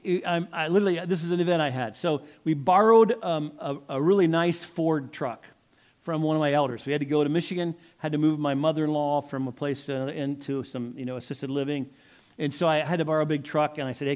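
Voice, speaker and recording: An older man preaching a sermon, telling a personal story and acting out the quotes with animated emphasis. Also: a little high. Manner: storytelling, animated, acts out his own quotes. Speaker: pastor.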